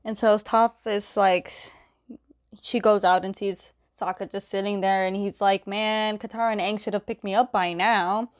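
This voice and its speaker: A woman casually retelling the scenes of a comic, quoting the characters' lines with fillers and quick self-corrections. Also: medium pitch, fairly even intonation. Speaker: comic recap host. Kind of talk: casual story recap.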